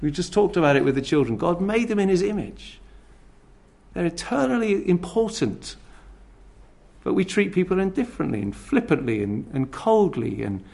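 A man delivering a sermon in a rather high voice that rises and falls with lots of movement. His tone has a gravelly, creaky texture. He drops from strong emphasis to hushed asides and slips into scornful character voices as he makes his points. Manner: expressive, swings between loud emphasis and near-whispered asides; acts out scornful attitudes in quoted voices. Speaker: preacher.

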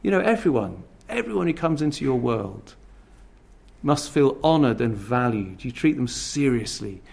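A man preaching a sermon. He swings from loud emphasis to near-whispered asides and acts out scornful voices. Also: mid-range voice, very animated, normal speed, gravelly.

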